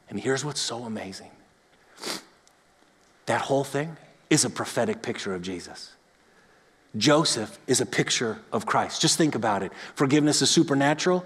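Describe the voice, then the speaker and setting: Pastor guy preaching in church, voice echoing round a big hall, goes loud and emphatic then drops soft. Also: fairly low pitch, husky. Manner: animated storytelling, rising to emphatic peaks then dropping soft. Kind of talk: sermon. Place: church sanctuary. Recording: long reverb of a church hall.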